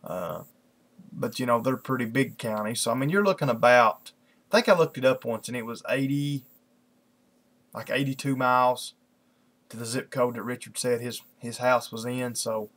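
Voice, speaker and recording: A man with a gravelly, mid-pitched voice chats casually at his computer before a Bible reading. He rambles and leans on fillers like "you know" and "kinda". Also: normal speed, a bit bright. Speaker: lay preacher hosting an online Bible study. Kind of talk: casual chat then scripture reading.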